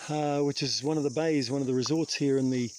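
A man's voice: mid-range voice, fairly even intonation, brisk, darkish tone. A New Zealand man talking casually and self-mockingly to the camera while out hiking, with some mild swearing. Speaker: vlogger hiking a long trail. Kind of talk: casual hiking vlog talk. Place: outdoors on a bush trail. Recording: outdoor noise, insects behind.

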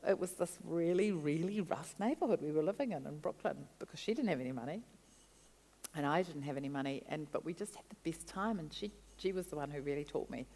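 A woman guest, a food writer, telling animated stories in an interview. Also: low-pitched, fast, big-room sound. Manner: chatty, animated storytelling with laughs. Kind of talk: storytelling interview answers.

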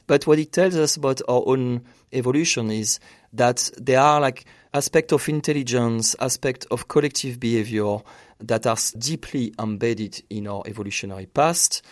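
A man's voice: mid-range voice, no echo, clean studio sound. A male researcher giving explanatory interview answers in an earnest way, often restarting and searching for phrasing. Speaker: researcher guest.

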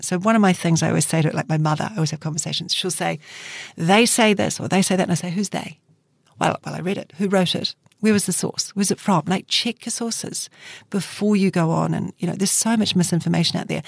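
A middle-aged New woman speaks as an interview guest, her fairly low voice carrying a gravelly edge. She talks thoughtfully, with frequent fillers and restarts. The sound is close and dry. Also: no echo. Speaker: journalist guest. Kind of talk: reflective interview talk.

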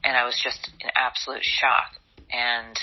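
A woman telling her own story in an interview, speaking softly and haltingly and often dropping to a hushed near-whisper. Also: rumbling low, flat delivery, breathy edge, dull audio. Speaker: interview guest, model.

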